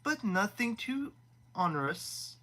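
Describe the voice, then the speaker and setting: A man's voice: high-pitched, very animated, slow pace, bright, forceful tone, voice pushed up, full character voice, poor audio. A man voicing a smug, boastful elder prince in a live audiobook reading, talking pompously. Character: smug proud elder prince, male adult.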